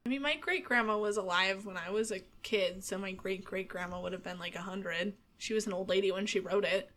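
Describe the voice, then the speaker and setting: A woman's voice: medium pitch, a little fast, a bit bright. A woman narrating as a game master, talking in a chatty way with many fillers.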